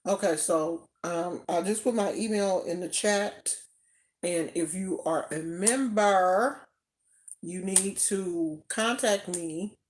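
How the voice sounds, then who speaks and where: A woman's voice: on the low side, slow pace. An older woman hosting a spiritual channel, chatting casually on a livestream in a rambling way. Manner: chatty, rambling, with fillers and restarts. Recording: roomy echo.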